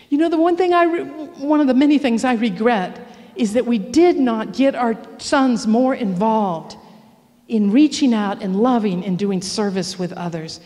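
A middle-aged woman with a fairly high voice tells a personal testimony with energy, acting out every character as she goes. Her voice rings out through a church with a long, echoing reverb. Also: moderate pace. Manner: animated storytelling, acting out the voices of others. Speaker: church speaker.

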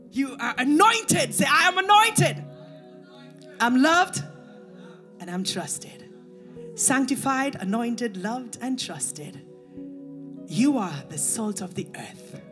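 Woman preaching, slow and fervent, repeats lines, faint music behind. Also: on the high side. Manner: calls on listeners to answer back. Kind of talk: sermon.

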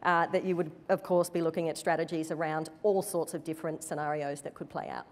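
A woman executive speaking on a conference panel, in a measured, careful corporate manner. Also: sits low, fairly even intonation. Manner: measured, corporate, careful to avoid direct answers. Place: conference stage before an audience. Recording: reverberant conference hall.

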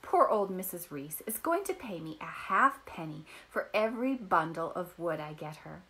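A woman voicing an eager, kind young peasant girl who talks in a bright, excited way. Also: fairly low pitch, moderate pace, full character voice. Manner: bright and excited, bubbling with thanks.

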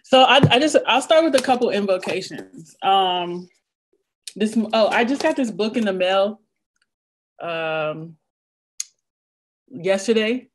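A young woman with a Southern accent, a visiting poet giving a casual craft talk over a video call, quick and chatty with many restarts. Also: mid-range voice, animated, slight background noise. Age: young adult.

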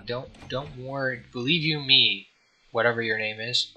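A man's voice: mid-range voice, moderate pace, pushed and bright, low-quality recording. A young man casually commenting while playing a game, rambling and joking, often mumbling and trailing off. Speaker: gameplay streamer.

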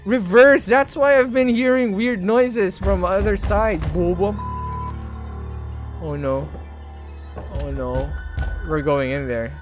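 A young Filipino woman with a hoarse voice, loudly reacting and swearing as she plays a horror game live, mixing Tagalog into her English. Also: mid-range voice, takes it slowly, long pauses, music in the background. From Philippines. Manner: loud, jumpy, swears often, mixes Tagalog into English. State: hoarse from shouting. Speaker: streamer.

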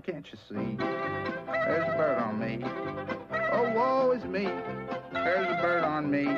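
A man singing as a grumbling fellow covered in birds, plaintive and comic. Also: on the high side. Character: put-upon grumbling fellow with birds on him. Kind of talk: comic song. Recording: dull lo-fi sound over loud music.

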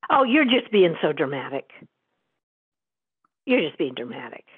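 A woman's voice: deep voice, sing-song, a little slow, husky, pitched below the performer's own voice, exaggerated voice. A woman on the phone voicing her defiant young adult son, who drives recklessly and shrugs off her worry. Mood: dismissive. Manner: dismissive, brushing off worry. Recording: tinny phone line.

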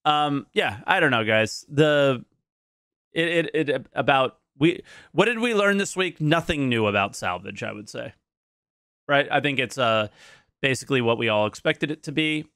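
A man reacts to a video on his stream in easy, casual talk, thinking out loud and circling back on his words. His voice sits at an ordinary middle pitch. It comes through a close microphone with a dry, dead sound and no room around it. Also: animated, normal speed, clear, resonant tone, dry recording. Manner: thinking aloud, with many restarts and hedges. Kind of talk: casual live-stream commentary.

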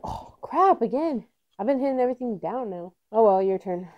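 A woman's voice: on the high side, expressive, normal speed, highs cut off, background noise. A woman co-hosting a casual simulator golf session, playful and teasing, joking to her viewers as she plays. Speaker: co-host playing simulator golf. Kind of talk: casual banter over a game. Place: indoor golf simulator room.

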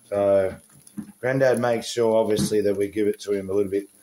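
A man's voice: on the low side, steady tone, brisk, noisy background. A man filming a home pet vlog, chatting casually and cooing to his dog in a playful sing-song voice. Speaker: pet vlogger.

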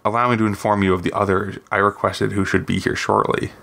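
A man voicing a cold, smooth-spoken female imperial governor, in a low, even, gravelly voice. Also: fast talker. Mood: cool. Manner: smooth, coolly formal.

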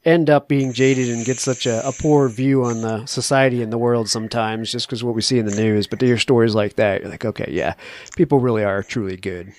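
A man's voice: mid-range voice, steady tone, a little fast, hardly any pauses, darkish tone. A man hosting a podcast, chatting casually and encouragingly with his guest, often laughing. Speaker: podcast host. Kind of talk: casual interview chat.

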